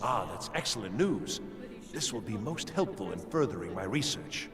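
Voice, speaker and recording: A fussy scholarly elf mage. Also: male voice, on the low side, sing-song, normal speed, over music. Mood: measured. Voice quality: formal, polite. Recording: reverberant game audio.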